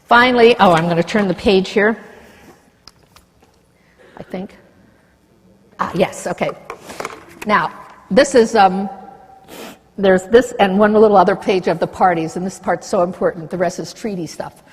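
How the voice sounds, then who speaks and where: A woman's voice: medium pitch, measured pace, pauses often, breathy edge. A woman giving a public talk, passionate and indignant, reading passages from papers between her own remarks. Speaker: speaker. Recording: reverberant hall.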